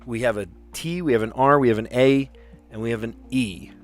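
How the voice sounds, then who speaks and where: A middle-aged man hosting a casual live stream, thinking aloud through a word puzzle, excitable and self-mocking. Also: medium pitch, fairly quick, faint music behind.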